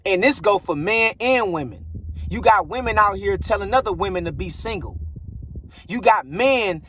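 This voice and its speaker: Blunt high-voiced man preaching advice. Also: lively intonation, normal speed, pushed and bright, slight background noise. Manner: blunt, preachy, repeats phrases like "bruh" and "I guarantee you". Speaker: relationship commentator. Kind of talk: casual monologue to camera.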